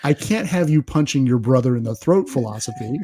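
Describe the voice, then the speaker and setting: A man's voice: medium pitch, animated, a little fast, warm tone, husky. A middle-aged man, a podcast guest, telling self-deprecating family stories in a casual interview, often laughing as he talks.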